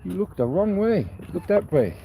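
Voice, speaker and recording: A man's voice: high voice, very animated, normal speed, gravelly, very noisy. A man with an Australian accent chatting casually outdoors, blunt and matey with frequent swearing.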